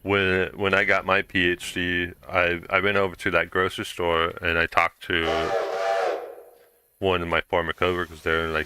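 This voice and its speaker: A man's voice: sits low, little pitch movement, normal speed, pushed and bright, slight background noise. A young man chatting casually while streaming a game, rambling through a story with lots of fillers and restarts.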